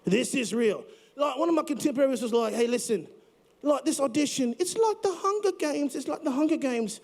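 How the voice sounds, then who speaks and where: A man's voice: extremely high pitch, animated, brisk, a little mellow, pitched above the performer's own voice. A man putting on a cocky British rocker persona with an accent that drifts toward Australian, trash-talking during a live podcast interview. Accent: put-on British-Australian accent. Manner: swaggering, cocky trash talk. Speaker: musician guest.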